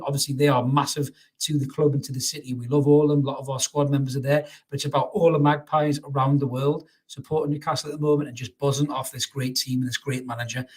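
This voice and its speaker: A husky-voiced man runs a live fan stream, talking quickly through viewer comments. He chats casually, calls everyone mate and often restarts his sentences. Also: a little high, level tone. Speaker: fan channel host.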